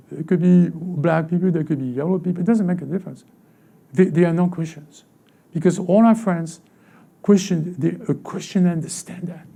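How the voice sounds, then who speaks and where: A male pastor delivers a sermon in a high, gravelly voice with a dark, mellow tone. He stumbles and repeats himself often, falling to near-murmurs between sudden loud bursts. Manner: halting, repeats words, swings from quiet to loud.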